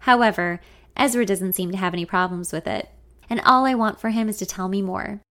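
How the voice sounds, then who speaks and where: A woman narrating a first-person story in an expressive, confiding way. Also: medium pitch, fairly quick.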